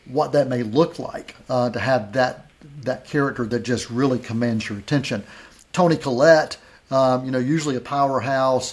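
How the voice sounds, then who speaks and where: Middle-aged man, mid-pitched voice, casual review talk, frequent restarts. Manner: stammering restarts, conversational. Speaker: film critic host. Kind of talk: casual film review chat.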